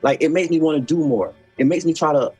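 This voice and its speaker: A father being interviewed, speaking haltingly and searching for words. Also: a little high, a little mellow, slightly rough, soft background music.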